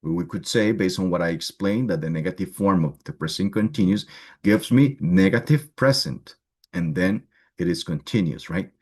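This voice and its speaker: A man's voice: low voice, normal speed, a little mellow. A man with a Spanish accent teaching an English grammar class, explaining step by step and often checking in with "right?". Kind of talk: online class lecture.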